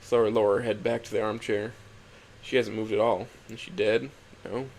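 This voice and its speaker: A young man narrates a first-person story in a low voice with a gravelly edge. His delivery is quiet and introspective, halting between phrases. A faint background hiss sits under the recording. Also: level tone, rough recording. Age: young adult.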